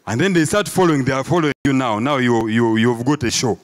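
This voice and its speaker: Ugandan guy doing stand-up, animated storytelling, keeps throwing "eh?" at the crowd, mid pitch. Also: fast, hardly any pauses. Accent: Ugandan English. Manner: animated storytelling, acts out crowd voices, peppered with "eh?". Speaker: stand-up comedian. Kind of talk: stand-up comedy set. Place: live comedy show before an audience.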